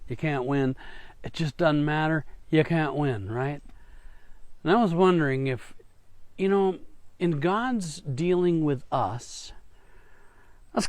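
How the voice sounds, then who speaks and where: With a somewhat high but darkish voice and no echo, a church pastor shares a brief devotional. His delivery is conversational, sprinkled with little restarts and playful side comments.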